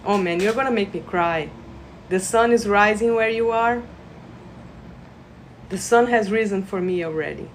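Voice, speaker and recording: A woman leading a live energy-healing session, guiding listeners with gentle instructions and sudden bursts of excited laughter. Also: medium pitch, normal speed, pauses often, a little hiss or hum. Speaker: reiki practitioner. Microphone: phone livestream.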